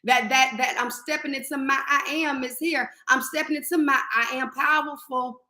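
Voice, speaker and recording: Exuberant high bright woman host. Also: fairly even intonation, normal speed, roomy sound. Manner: exuberant, preachy, sings and affirms. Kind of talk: faith-filled morning live-stream chat.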